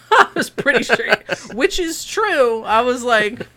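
A co-host of a casual film podcast who talks in an animated way and laughs often. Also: mid-range voice, takes it slowly.

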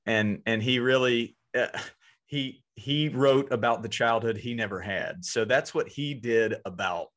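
A man who hosts a podcast and coaches youth baseball talks earnestly in casual podcast conversation, often repeating words as he goes. His medium-pitched voice is unhurried and fairly bright.

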